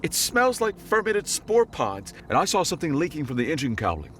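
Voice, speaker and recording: A man voicing a defiant, haughty young human princess in a sci-fi story, speaking high and shrill. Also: big pitch swings, brisk, a bit bright, slight background noise. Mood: indignant.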